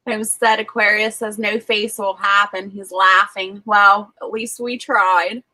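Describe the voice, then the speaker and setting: A woman's voice: medium pitch, fairly even intonation, measured pace, pushed and bright. A woman hosting a livestream, greeting viewers and laughing often in casual chat over a video call. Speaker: livestream host.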